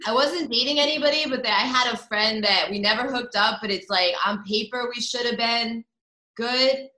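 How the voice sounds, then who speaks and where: A woman's voice: on the high side, moderate pace, sharp tone. A woman comedian telling a story bluntly and candidly as a podcast guest. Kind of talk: casual storytelling. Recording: roomy echo.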